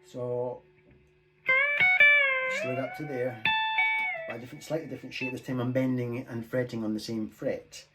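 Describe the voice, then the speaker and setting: A guitar teacher gives a laid-back lesson from a home room, playing between phrases, chatting, thinking aloud, and joking self-deprecatingly about his skills. His medium-pitched voice swoops wildly at a moderate pace with frequent pauses, in a low-quality phone recording with a loud electric guitar and drum loop in the background.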